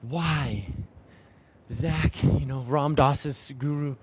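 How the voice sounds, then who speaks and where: A man's voice: medium pitch, a little slow, darkish tone. A young man talking earnestly and reflectively while riding a bike outdoors in the rain, often repeating phrases to himself. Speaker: vlogger. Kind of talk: reflective spiritual vlog.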